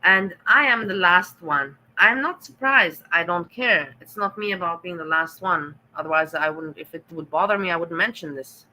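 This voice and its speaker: Reading chat on her casual livestream, a middle-aged German-accented woman teases her viewers sarcastically and hits them with blunt jabs. Her lowish voice is bright and forward, moving at normal speed with hardly any pauses, and the recording is rough.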